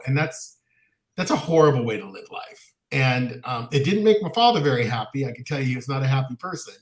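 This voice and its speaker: Guy cohosting a podcast, open and animated, mid pitch, kinda echoey room. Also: fairly quick. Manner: candid, animated, mocking voices in quotes. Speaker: podcast co-host. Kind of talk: casual chat.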